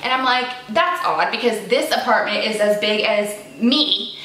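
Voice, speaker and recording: A young woman telling a story in a casual vlog, animated and dramatic, full of fillers. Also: mid-range voice, measured pace. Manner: animated, dramatic retelling with lots of "like". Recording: echoey room with faint noise.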